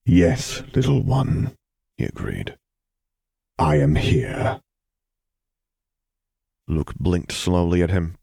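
Male audiobook narrator, very low voice, calm even read, dry close sound. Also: no room sound. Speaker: audiobook reader. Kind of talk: fan fiction audiobook narration.

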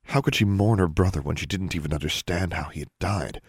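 A man narrating an audiobook in a steady, even reading voice. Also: sits low, fairly quick, breathy edge, no room sound, clean studio sound.

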